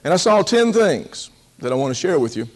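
A male pastor preaching a sermon in a folksy, humorous style. His voice sits a little higher than most men's. He stretches key words slowly and acts out quoted lines in a raised voice. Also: sing-song.

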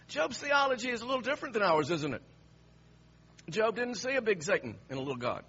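A man preaching a sermon, dropping to hushed lines and then rising to emphatic, raised passages. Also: sits high, very animated, fast, husky, lo-fi sound.

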